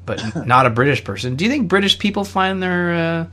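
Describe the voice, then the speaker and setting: A young Canadian podcast co-host rambles through a casual chat, packed with fillers and restarts. He speaks briskly in a slightly high, animated voice that comes across bright and forceful.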